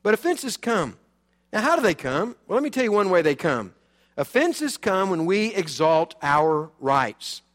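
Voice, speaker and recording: High-voiced man preaching in a reverberant hall. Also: a little slow. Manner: animated, emphatic preaching with swings between loud and quiet. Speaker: pastor. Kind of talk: sermon.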